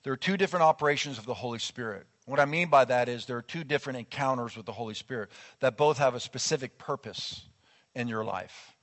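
Animated preaching man in a reverberant church. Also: medium pitch, quick pace. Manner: animated, conversational preaching with acted quotes. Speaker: pastor. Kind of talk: sermon. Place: church sanctuary. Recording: long church hall reverb.

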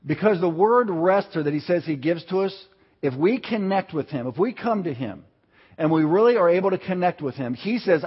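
A man with a fairly high, husky voice preaches a sermon in a storytelling way, turning to the congregation with questions. The sound is dull, with a long reverb trailing off the walls of a church hall. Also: lively intonation, moderate pace. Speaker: pastor.

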